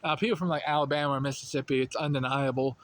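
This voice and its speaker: A man's voice: mid-range voice, fairly even intonation, racing. A young man from rural North Carolina with a light Southern accent, talking in a casual, rambling monologue full of fillers and restarts. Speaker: channel host.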